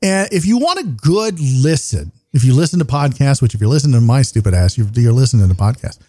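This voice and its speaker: A man's voice: mid-range voice, animated, fast, mellow, dry recording. Tired-sounding man, dry podcast mic. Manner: rambling, profane, jokey. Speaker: podcast host. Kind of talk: casual chat.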